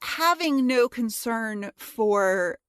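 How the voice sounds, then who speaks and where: A woman co-hosting a podcast, talking in loose, halting casual chat. Her voice sits on the higher side and she often stops to search for the right word, swearing now and then. The recording is dry and close, with no room sound. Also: animated, a bit bright, smooth, no echo. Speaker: podcast co-host.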